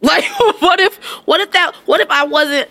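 A woman's voice: high-pitched, moderate pace, sharp tone. A woman co-hosting a casual chat, telling stories with a sarcastic, laughing, profane manner. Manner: storytelling, sarcastic, swears and laughs often. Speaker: podcast co-host.

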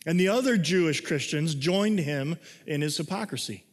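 A man preaching a sermon in a conversational way, reading scripture and explaining it, moving between excited and hushed delivery. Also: a little high, moderate pace. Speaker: pastor. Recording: long hall reverb.

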